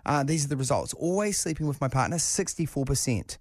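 A man co-hosting breakfast radio, cheeky and quick. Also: on the high side, animated, no room sound, studio quality. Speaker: radio breakfast show co-host. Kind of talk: casual chat.

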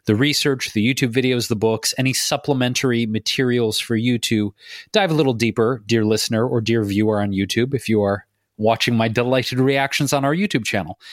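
A man's voice: medium pitch, no room sound, clean studio sound. Blunt swearing man podcast co-host. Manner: animated, blunt, swears freely. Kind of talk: casual podcast chat.

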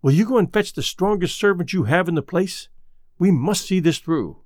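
Indignant rough-haired lawyer, sharp, clipped, dry close sound, a man doing the voice. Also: high voice, animated, normal speed, no echo. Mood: resolute.

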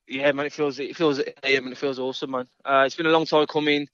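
A man's voice: medium pitch, steady tone, quick pace, a bit bright, dry recording, lo-fi sound. A man, a guest in an interview, talking in an easygoing, rambling way and repeating his words. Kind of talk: casual interview chat.

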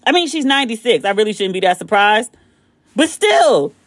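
A woman hosting a casual chat show, talking in an animated way, swearing freely and jumping high in pitch when excited, recorded on her phone. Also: normal speed, no echo. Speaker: podcast host.

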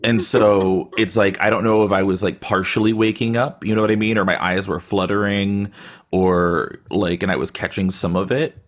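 A man's voice: fairly low pitch, level tone, moderate pace. A man telling a story casually over a video call, rambling with lots of filler words. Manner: rambling, filler-heavy, frequent "like". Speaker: guest storyteller.

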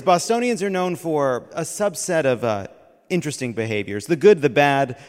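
A man hosting a comedy segment on a live stage, playful and quick, laughing between lines. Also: mid-range voice, big-room sound, slight background noise. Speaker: host. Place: theater stage with audience.

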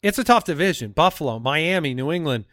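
A man hosts a sports podcast in easy conversational talk, running the show and quizzing his co-hosts. His voice sits a bit high, recorded close and dry with no room sound. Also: animated, a bit bright, no echo. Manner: leads the segment, reads names in a quick quiz. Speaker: podcast host. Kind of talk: casual sports podcast chat.

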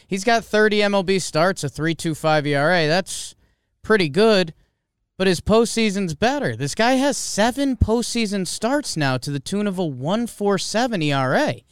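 A man in casual sports-podcast chat, lively and quick with his asides, laughing easily. His voice comes through very smooth and clean, set close to the mic in a dry room. He talks a touch above the usual pitch. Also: dry recording. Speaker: podcast co-host.

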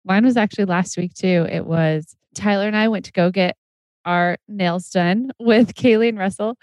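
This is a woman co-hosting a relaxed conversation. Her voice is mid-pitched and recorded dry. She tells quick, chatty anecdotes with a few laughs mixed in. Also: no room sound. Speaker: podcast co-host. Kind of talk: casual chat.

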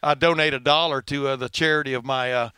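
A middle-aged man with a Texas twang hosting a casual sports podcast, talking fast with lots of uh fillers. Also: medium pitch, fairly even intonation, sharp tone, smooth, dry recording. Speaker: podcast host.

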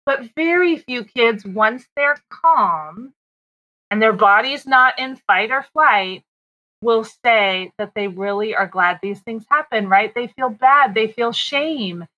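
Earnest, bright woman psychologist. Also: a little high, animated, slow, highs cut off. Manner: earnest, explains with frequent "right?" checks. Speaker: guest psychologist. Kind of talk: casual conversation.

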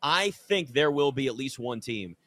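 A man's voice: medium pitch, lively intonation, normal speed, pushed and bright. A man hosting a sports talk radio show, making emphatic, repetitive points as he builds his case.

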